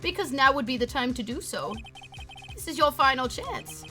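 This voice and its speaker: A cold, arrogant prosecutor, read by a woman in a haughty, pressing way. Her voice stays bright and slightly high as she reads him from a video game. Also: expressive, normal speed, faint music behind.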